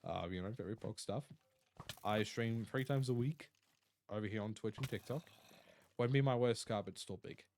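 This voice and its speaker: A man's voice: lowish voice, moderate pace, a little mellow, slight background noise. A tired Australian man chatting casually on a live stream, rambling and reading out chat messages. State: tired, yawning.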